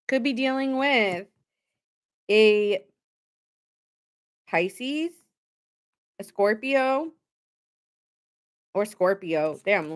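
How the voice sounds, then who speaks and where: A woman's voice: high-pitched, fairly bright tone. A woman giving a casual live tarot reading, chatty and often laughing as she acts out what people say. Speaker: tarot reader streaming live.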